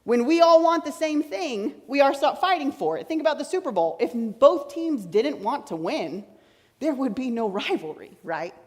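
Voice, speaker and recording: Woman pastor, teachy sermon, kinda high voice, big echoey church hall. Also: big pitch swings, moderate pace. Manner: chatty, explaining, repeats key points. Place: large church sanctuary.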